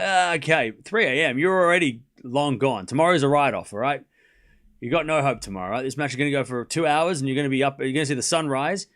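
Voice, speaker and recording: A man's voice: mid-range voice, a bit bright. A man hosting a live tennis watchalong stream, chatting casually and sarcastically teasing viewers, rambling with restarts.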